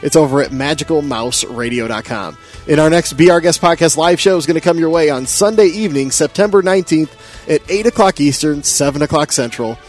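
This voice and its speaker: A man hosting a chatty podcast, his voice sitting a touch high for a man. He laughs at himself and stumbles over words as he runs through the sponsor spots. Faint music plays underneath. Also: fairly quick. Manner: laughing, self-mocking, tripping over words. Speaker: podcast host. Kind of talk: casual podcast chat, reading sponsor spots.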